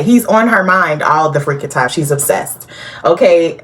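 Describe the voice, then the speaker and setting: A woman hosting a casual TV recap, chatty and animated, talking straight to her viewers and laughing often. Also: lowish voice, normal speed. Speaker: TV recap host.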